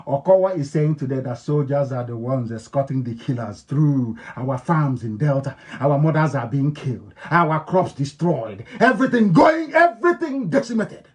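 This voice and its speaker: A man with an Igbo-influenced Nigerian accent, a native Igbo speaker, gives an impassioned radio address to his followers. He is emphatic and repetitive, swinging between loud declarations and low, intense tones. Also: big pitch swings, moderate pace, few pauses. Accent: Nigerian, Igbo-influenced English. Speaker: political leader broadcasting to followers.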